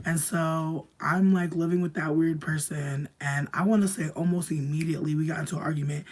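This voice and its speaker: A young woman telling a long personal story to a livestream in casual, profane slang, padding her talk with "like" and swinging between hushed asides and loud bursts. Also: low-pitched, fairly even intonation, fairly quick. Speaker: streamer.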